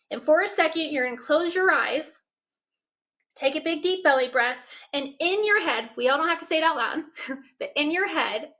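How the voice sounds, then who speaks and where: A woman's voice: sits high, fairly bright tone. A woman giving a motivational workshop talk, coaching listeners through breathing and self-talk exercises. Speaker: workshop presenter.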